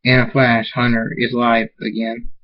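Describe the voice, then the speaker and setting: A man reading fan fiction aloud, halting and restarting words as he goes. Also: medium pitch, completely flat delivery, dull audio. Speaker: amateur reader.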